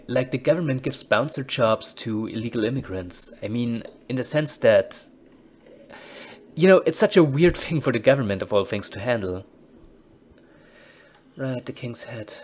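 A man's voice: medium pitch, a little hiss or hum. A man casually commentating on a game he plays, reading its text aloud and adding dry, wry asides. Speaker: let's-play host.

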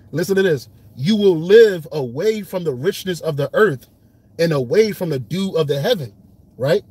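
A man's voice: on the high side, a little slow, breathy edge. A man leading an informal Bible study, reading verses and explaining them in casual, streetwise speech. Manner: casual streetwise speech, lively when retelling scenes. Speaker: Bible teacher.

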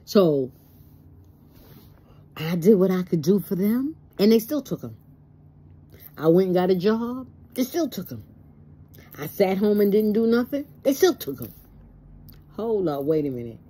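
A woman's voice: mid-range voice, lively intonation, moderate pace, pauses often, mellow, husky. A stressed woman talking plainly and emotionally in a personal vlog, acting out both sides of conversations. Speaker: vlogger. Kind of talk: personal monologue to camera.

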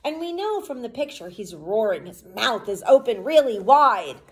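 A woman teacher reading a storybook aloud to children, pausing to explain the pictures and words in a patient way. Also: a little high, big pitch swings.

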